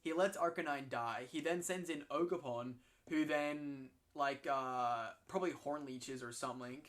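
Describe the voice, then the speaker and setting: A man in casual game commentary, excitable and swearing freely, often restarting his sentences. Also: mid-range voice, measured pace. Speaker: co-host commentating league matches.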